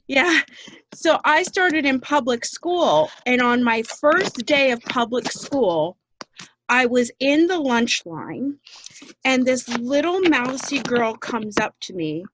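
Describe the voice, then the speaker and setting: Animated, foul-mouthed woman podcast co-host. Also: high voice, slow, a little hiss or hum, rough recording. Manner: animated storyteller, swears freely. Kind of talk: casual chat.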